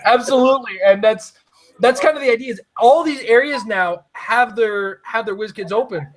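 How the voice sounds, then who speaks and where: A man hosting a casual chat who rambles excitedly and laughs often. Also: very high voice, moderate pace, low-quality recording. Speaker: podcast host.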